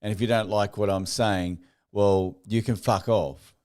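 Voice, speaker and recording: A man's voice: on the low side, steady tone, a little slow, darkish tone, clean tone. A male podcast host, laid-back, giving short agreeing replies and swearing casually. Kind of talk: casual interview chat.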